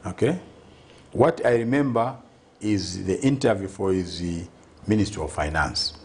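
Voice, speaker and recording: Emphatic man with lively intonation. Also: low-pitched, moderate pace. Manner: emphatic, argues point by point and keeps asking "Okay?". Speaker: political party president. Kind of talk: TV interview answers.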